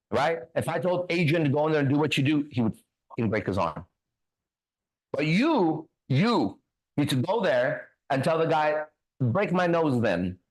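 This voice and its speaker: A man hosting a faith talk show, telling a story in a casual, profane, animated way and acting out the other voices. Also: medium pitch, rough recording. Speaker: ministry host.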